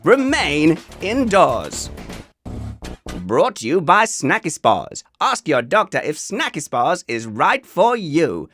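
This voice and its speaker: A man putting on an over-the-top American announcer voice for a podcast intro, wildly excited and booming. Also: drawn-out words, long pauses, dry recording, faint music behind, exaggerated voice. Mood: hyped.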